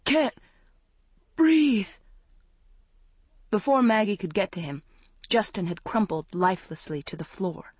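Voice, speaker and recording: A woman narrating a young-adult novel in a measured storytelling voice. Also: lowish voice, no echo. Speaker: audiobook narrator. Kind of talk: scripted narration.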